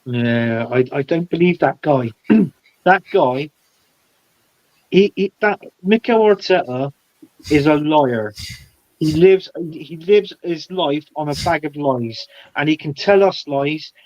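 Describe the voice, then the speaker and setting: A man's voice: fairly high pitch, animated, takes it slowly, darkish tone, dry recording, lo-fi sound. A man guesting on a casual football chat show, giving blunt, heated opinions with lots of stumbling restarts. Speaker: podcast guest.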